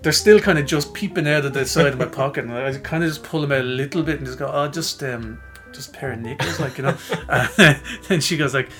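A man's voice: a little high, brisk, soft background music. A man, co-hosting a podcast and telling a self-mocking story in casual chat, acting out the voices of the people in it. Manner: animated, self-mocking, acts out quoted voices. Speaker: podcast co-host.

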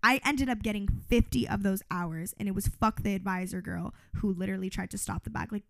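A woman in her twenties co-hosting a podcast, telling a story in a casual, animated way, swearing freely and saying "like" a lot. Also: medium pitch, a little fast, creaky, few pauses, no echo. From Los Angeles. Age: 20s. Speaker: podcast co-host.

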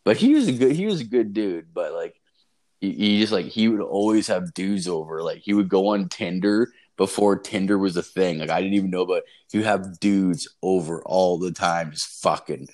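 In casual chat, a man spins a rambling, profane story full of "like" and "dude," breaking into high yelps to quote people. He is expressive, speaks at normal speed, and sounds a little mellow.

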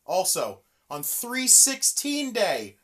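A woman's voice: medium pitch, slow. A woman co-hosting a casual wrestling chat, ranting with lots of swearing. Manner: profane, animated, ranting. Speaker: podcast co-host.

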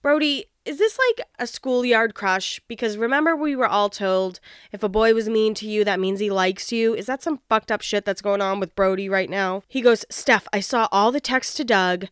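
Woman, TV recap host, casual commentary, blunt and opinionated, clean smooth voice. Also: mid-range voice, normal speed, no echo, studio quality. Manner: blunt, opinionated and profane, with laughs.

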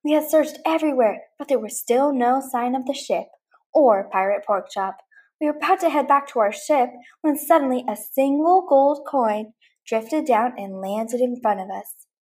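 A cheerful cowboy toy with a folksy, upbeat way of telling a yarn, as a woman reads him aloud. The voice sits a little high and friendly. It is a simple storybook read-aloud. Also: animated, moderate pace, a little mellow, breathy edge. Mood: storytelling.

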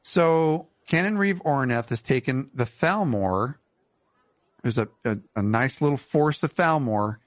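A man's voice: mid-range voice, animated, unhurried, dry recording. Playful joking podcast host, man. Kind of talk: casual comedic podcast chat.

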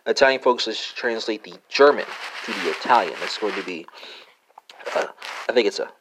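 A man's voice: fairly low pitch, moderate pace, a bit bright, a little hiss or hum. A man hosting a solo language-lesson podcast, spelling out words letter by letter with lots of "uh" and "right?" and a few wry asides.

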